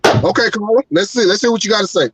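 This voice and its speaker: A man's voice: sits high, expressive, quick pace, background noise. A man hosting a livestream talk show, ranting with profane, heated rhetorical questions. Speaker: show host.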